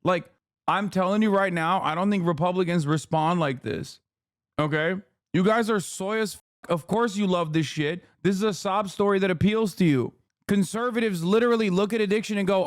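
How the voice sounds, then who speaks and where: A man's voice: sits high, a little fast, dry recording, studio quality. A man in his thirties streaming casual commentary on a news clip, sarcastic and mocking. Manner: sarcastic, mocking, acts out mock voices.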